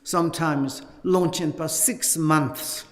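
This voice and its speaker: A Buddhist teacher speaks at a retreat with a high, light voice and a slow, deliberate pace. His English is halting and full of restarts, and he leans on repeated words for emphasis. A long reverb from the hall trails each phrase. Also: fairly even intonation. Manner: halting non-native English, many fillers and restarts.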